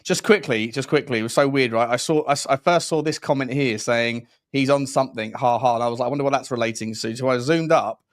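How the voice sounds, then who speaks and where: A man's voice: mid-range voice, quick pace, hardly any pauses, no room sound. Rambling male co-host, dry close sound. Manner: rambling, restarts, addresses viewers and co-host as mate. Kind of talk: casual football chat.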